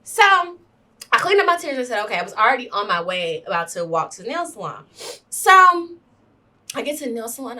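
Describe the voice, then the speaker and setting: A lively woman is co-hosting a casual podcast. Her voice is bright and ringing, and she sits a little back from the mic. She acts out every character in her stories with big comic reactions. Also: a little high, a little fast, recorded from a distance. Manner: animated storyteller, acts out quotes, shrieks for comic effect. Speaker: podcast co-host. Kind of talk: casual chat.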